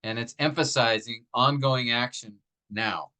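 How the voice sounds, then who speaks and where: A man with a bright, forceful voice and a middle pitch teaching a class. He works through examples patiently, slowing down on key phrases and posing questions to his students before answering them. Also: poor audio. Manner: patient, explains step by step with rhetorical questions; many fillers and restarts, slows down to stress example phrases. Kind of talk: classroom grammar lesson.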